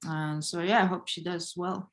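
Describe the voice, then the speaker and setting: A woman's voice: on the low side, fairly even intonation, moderate pace. A woman as a podcast guest, talking in an easygoing, casual way. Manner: easygoing, many "like" fillers. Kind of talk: casual interview.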